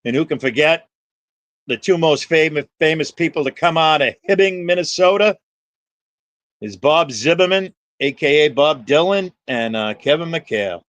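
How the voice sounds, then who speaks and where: A man's voice: a little high, normal speed, a bit bright, no echo. Profane, rambling New man. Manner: profane, jokey, chatting with viewers by name. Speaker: livestream host. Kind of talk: rambling livestream chat with viewers.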